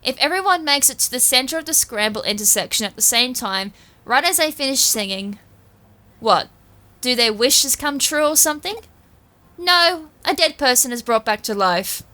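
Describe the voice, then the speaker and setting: A woman's voice: sits high, lively intonation, normal speed, pushed and bright. A woman voicing an earnest young female occult club president who explains a legend eagerly.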